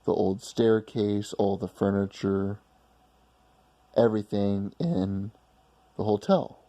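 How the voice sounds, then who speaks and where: A man's voice: lowish voice, level tone, slow, warm tone, muffled recording. A man casually telling a personal story in a rambling, blunt way with some swearing.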